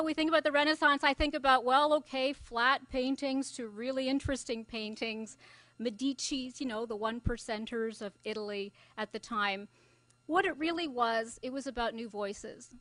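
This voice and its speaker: Middle-aged scottish-raised woman wrapping up a conference, higher voice, dry close sound, lots of "you know". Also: fairly bright tone, no room sound. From Scotland (Glasgow). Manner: conversational, thinking aloud with fillers. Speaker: journalist giving closing remarks. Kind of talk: conference closing speech. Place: conference venue.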